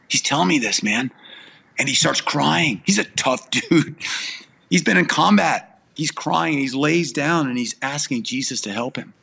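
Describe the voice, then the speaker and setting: A middle-aged man talks through a personal story as an interview guest. He is earnest and emphatic, and his voice breaks into tears. His voice sits a bit higher than most men's. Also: normal speed, gravelly, bright, forceful tone, breathy edge. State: tearful. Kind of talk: emotional personal testimony.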